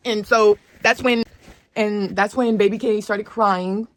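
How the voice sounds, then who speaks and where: A young woman casually telling a wild personal story to her viewers, animated and slangy. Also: medium pitch, a little slow. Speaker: storyteller vlogger.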